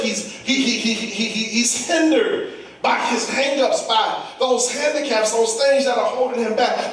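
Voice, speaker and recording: In a church sanctuary, a high-pitched man preaches a call-and-response sermon, calling out to the congregation and building to rising shouts. The recording is echoey, captured with a distant mic, and the congregation can be heard responding.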